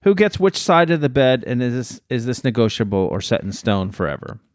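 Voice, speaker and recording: A man's voice: mid-range voice, sing-song, fairly quick, no room sound, studio quality. A man in his thirties with an American accent, co-hosting a casual podcast with his wife, joking and playfully defensive. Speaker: podcast co-host. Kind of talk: casual chat.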